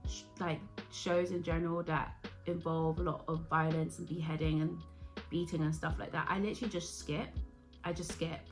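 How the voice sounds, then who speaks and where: A young woman talking straight to camera in a loose, chatty vlog. Her voice is bright and forward, and she slips into acted-out versions of her own reactions as she goes. Faint music sits underneath. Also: medium pitch. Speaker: vlogger reviewing a TV series. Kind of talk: casual chat to camera.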